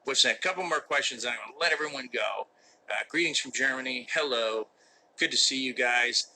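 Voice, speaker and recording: A middle-aged actor from the United States answers fan questions in a casual livestream Q&A, delivering mock-serious jokes from an indoor room with a non-opening window. His mid-range voice is brisk and sharp, and the low-quality recording has a little hiss or hum.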